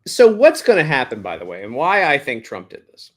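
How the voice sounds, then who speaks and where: A man's voice: mid-range voice, wildly swooping pitch. Irreverent man hosting a casual chat. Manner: quick, irreverent, jokey. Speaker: podcast host.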